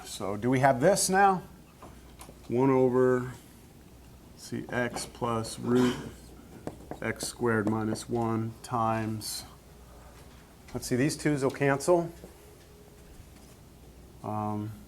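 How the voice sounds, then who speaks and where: A man's voice: mid-range voice, very slow, long pauses, a little hiss or hum. A man teaching a math class, explaining each step and checking in with the students. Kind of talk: classroom lecture.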